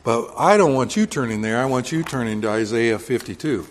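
A man teaching from scripture in a relaxed, conversational way, pausing on fillers and correcting himself. His voice sits at an ordinary middle pitch. The sound carries a long reverb, like a church hall. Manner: conversational, explains with homely examples, many fillers and self-corrections. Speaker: preacher. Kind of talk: Bible teaching sermon.

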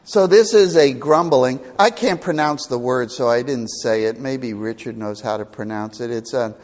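A man's voice: mid-range voice, normal speed, darkish tone, long reverb tail. A man preaching a Bible-teaching sermon in a chatty, self-deprecating way, laughing often.

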